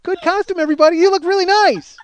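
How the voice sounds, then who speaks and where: A man's voice: extremely high pitch, fairly even intonation, quick pace, pitched above the performer's own voice. A man mimicking his cheerful, oblivious wife in a bubbly, sing-song manner. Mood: gushing.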